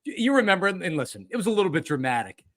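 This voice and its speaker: A man's voice: high voice, very fast, no room sound. A man hosting a casual sports chat, telling stories animatedly and acting out quotes with lots of fillers. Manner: animated storytelling, acts out quotes, frequent fillers. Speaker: podcast host, former sports radio host.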